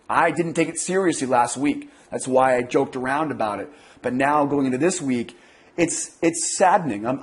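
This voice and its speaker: An American man in his thirties giving casual, rambling day trading market commentary, talking with many fillers and restarts. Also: mid-range voice. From United States. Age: 30s. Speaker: day trading newsletter host.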